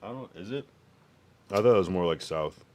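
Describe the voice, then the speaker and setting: Low-pitched and brisk, with a darkish, expressive voice, this American livestreamer swears and uses slang freely. He chats loosely while reading out and reacting to messages from chat.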